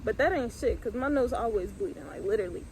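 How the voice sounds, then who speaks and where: High-voiced young woman telling a story. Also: lively intonation, fast talker, a little mellow, slight background noise, rough recording. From US Midwest. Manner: blunt, profane, laid-back storytelling with many fillers. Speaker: vlogger. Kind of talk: casual storytime.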